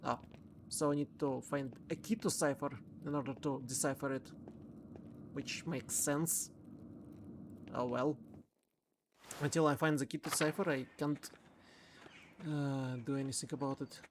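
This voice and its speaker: Streamer, mid-pitch, halting, reads game text aloud in casual commentary. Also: steady tone, background noise. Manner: thinks aloud, halting with repeated words. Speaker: streamer playing a narrative game.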